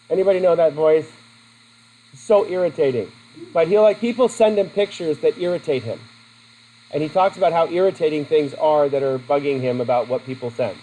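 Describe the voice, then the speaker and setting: A man's voice: fairly high pitch, normal speed, darkish tone, rough recording. A man teaching a class in a classroom, chatty and asking his students questions. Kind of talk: classroom lesson.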